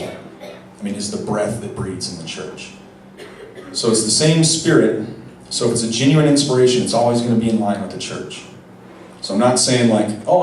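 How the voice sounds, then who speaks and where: A man's voice: mid-range voice, a little hiss or hum. A young man giving a conversational homily, telling a personal story with casual, wry asides and frequent restarts. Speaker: preacher. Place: large echoey church. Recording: echoey church from far off.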